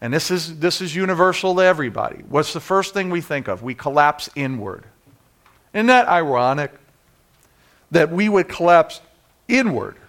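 A man preaching a sermon in church, talking to the congregation with rhetorical questions, singing bits of a hymn and moving from quiet to loud. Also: a little high, expressive, normal speed. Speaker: pastor.

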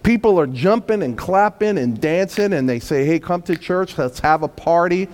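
High-voiced man preaching with fervor. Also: animated, darkish tone. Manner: preaching with sudden swells of volume and emphatic slowdowns. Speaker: pastor. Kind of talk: sermon.

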